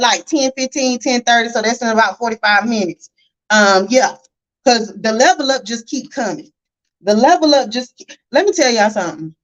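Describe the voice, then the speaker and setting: A woman runs a spiritual healing livestream. She talks in an animated, preachy way, calling her viewers y'all and baby. The audio sounds dull and lo-fi. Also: fairly high pitch. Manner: animated, preachy, addresses viewers as y'all and baby, reads chat comments aloud. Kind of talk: casual motivational livestream talk.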